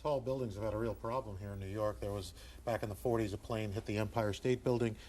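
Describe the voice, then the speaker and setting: A lower-voiced man adds quick conversational asides on a live news broadcast. He talks fast, and faint noise can be heard behind him. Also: steady tone, dark tone. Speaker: news show regular.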